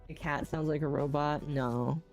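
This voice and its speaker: A woman's voice: sits low, fairly even intonation, normal speed, darkish tone, faint music behind. A woman hosting a game stream, chatting casually and teasing her guests with frequent giggles. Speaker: streamer host. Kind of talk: casual chat while gaming.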